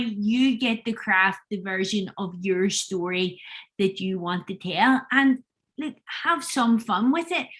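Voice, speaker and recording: Lady running an online workshop on a video call, earnest, encouraging, medium pitch. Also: a bit bright. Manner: earnest, encouraging, speaks from the heart. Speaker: workshop facilitator.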